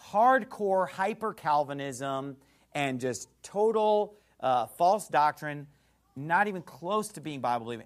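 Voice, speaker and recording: Fired-up guy preaching, high voice, super animated, mocking and punchy. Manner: fiery, mocking and emphatic preaching. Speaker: pastor. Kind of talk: sermon.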